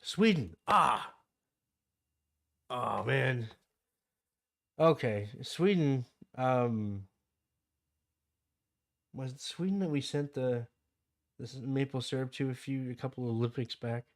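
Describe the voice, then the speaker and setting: A man's voice: mid-range voice, a little slow, pauses often, a little mellow. A young adult man with a Canadian accent hosting a casual game livestream, rambling into side stories and answering chat. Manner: rambling, digresses into anecdotes, reads chat aloud. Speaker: livestream host.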